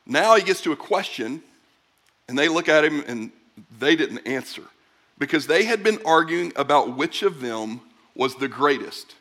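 A middle-aged pastor with a rather high voice speaks at a normal pace, preaching a sermon. He talks casually with the congregation and animates it by acting out small exchanges in other voices.

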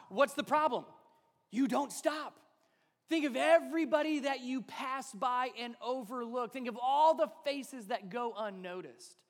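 A pastor in his thirties preaching a sermon, shifting between animated storytelling and soft, slow emphasis. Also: very high voice. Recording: long hall reverb.

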